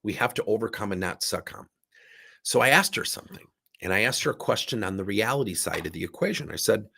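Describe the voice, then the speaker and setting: A man's voice: lowish voice, lively intonation, quick pace, vocal fry, pushed and bright, breathy edge. A man coaching in a recorded workshop talk, sick with a strained voice, speaking in an emphatic, candid way while seated indoors. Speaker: business coach.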